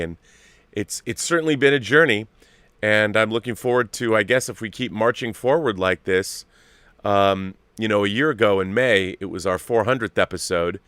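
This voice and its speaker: Chatty middle-aged man, smooth low voice. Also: fairly bright tone, no echo. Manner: chatty, rambling, self-interrupting. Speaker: host. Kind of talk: casual live show chat.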